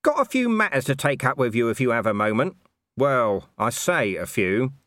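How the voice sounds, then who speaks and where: A man voicing a cocky, scruffy male watchman leading a strike, speaking calmly and cheekily. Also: medium pitch, moderate pace, no echo, clean studio sound, voice pushed up. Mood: cheeky. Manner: calm and cheeky.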